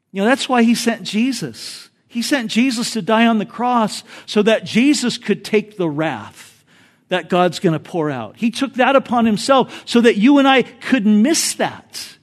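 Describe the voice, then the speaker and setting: A male pastor delivering an animated sermon, mixing teaching with a joke story. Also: sits high, a little slow.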